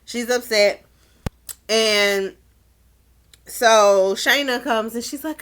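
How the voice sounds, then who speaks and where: Animated high-voiced woman recapping a show. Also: slow pace, pauses often, a little hiss or hum. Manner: animated, exclaiming, blunt slangy retelling. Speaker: show reviewer. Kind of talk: casual recap vlog.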